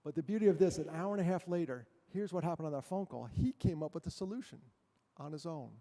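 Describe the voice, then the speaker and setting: A middle-aged man talks to an audience in a large hall, his voice echoing with a long tail. His tone is mellow and a bit high for a man. He tells stories in an animated way, acts out quotes and jokes with the crowd. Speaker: guest speaker. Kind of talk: motivational talk to an audience.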